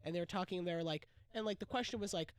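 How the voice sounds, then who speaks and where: A young man co-hosting a podcast, telling a story in casual chat, swearing freely and getting excited and laughing as it builds. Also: high voice, racing, smooth, dry recording, clean studio sound. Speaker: podcast co-host.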